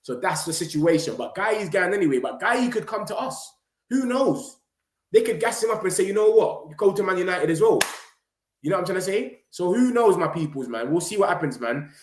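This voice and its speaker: An excitable young man runs his words together in slangy, casual live-stream chat. His voice sits a touch high for a man. The room around him gives a roomy echo. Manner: excitable, slangy, rapid run-on talk. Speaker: football vlogger streaming to viewers.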